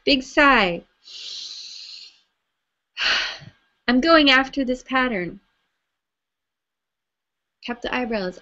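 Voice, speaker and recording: A woman leading a live tapping session, gently coaching listeners through phrases for them to repeat. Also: on the high side. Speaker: EFT tapping facilitator. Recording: slightly dull lo-fi audio.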